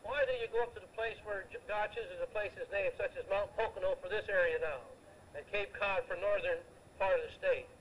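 A man's voice: high voice, a little fast, a little hiss or hum, poor audio. A man preaching a sermon, reading scripture aloud and explaining it, with emphatic rhetorical questions. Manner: emphatic, asks rhetorical questions and answers them.

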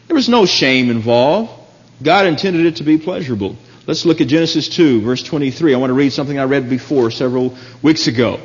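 A man preaching a sermon in an animated, emphatic way, his voice jumping up high when he gets excited. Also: brisk. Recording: dull lo-fi recording in a reverberant hall.

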